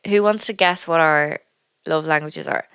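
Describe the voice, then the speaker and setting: A woman's voice: deep voice, moderate pace, a bit bright, smooth, dry recording. A woman co-hosting a podcast, chatting casually with dry, sarcastic humour and ready laughter. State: new mother back from leave. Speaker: podcast co-host. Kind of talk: casual chat.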